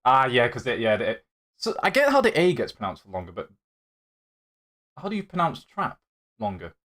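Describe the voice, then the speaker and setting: A man's voice: mid-range voice, wildly swooping pitch, normal speed, a bit bright. A young man from Yorkshire with a light Yorkshire accent, chatting casually on a live stream, reading chat aloud and laughing often as he rambles. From Yorkshire, England. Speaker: livestream host.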